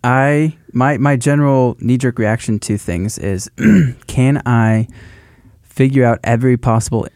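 A man co-hosting a casual faith podcast, talking in halting restarts as he thinks aloud. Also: medium pitch, steady tone, mellow, no room sound, studio quality. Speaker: podcast co-host.

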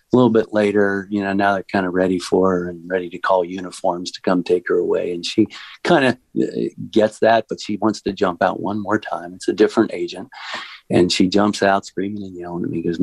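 A man appearing as a podcast guest, an elected official who tells animated stories and laughs between his thoughts. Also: low-pitched, brisk, creaky, slightly rough, no echo, rough recording. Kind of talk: casual conversational storytelling.

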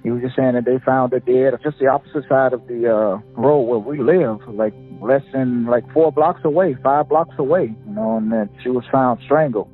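A man speaks in a halting way over a tinny, phone-like recording, pausing often on fillers. His pitch sits in the middle range, and faint music plays underneath. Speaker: victim's brother. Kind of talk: recounting memories in an interview.

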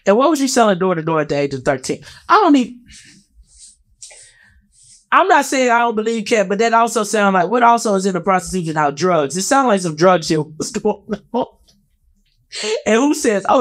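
Man, 30s, comedian, casual reaction commentary, slightly high voice, animated, profane, lots of filler stumbles. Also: fairly quick. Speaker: comedian and actor commenting on an interview.

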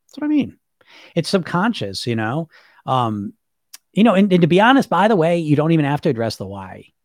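A man's voice: fairly high pitch, wildly swooping pitch, a little fast, no room sound, studio quality. A middle-aged man coaching on weight loss in a casual, emphatic monologue, full of fillers, casual swearing and questions to the listener. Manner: chatty, emphatic, repeats fillers, swears casually, laughs often.

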